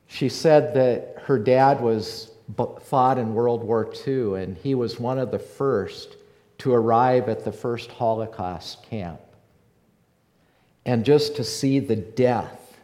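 A male pastor preaches in a slow, unhurried cadence, leaning on repeated lines for emphasis. His voice rings out with a long reverb tail from a large hall. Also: on the low side, a little mellow. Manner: preaching with rising fervor, repeating phrases. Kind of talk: sermon.

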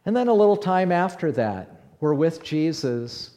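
A man's voice: fairly high pitch, moderate pace. A man playing Peter, the bold outspoken fisherman. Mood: awed storytelling. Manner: animated storyteller, swinging between hushed and loud. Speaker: preacher in character. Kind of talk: first-person dramatic monologue.

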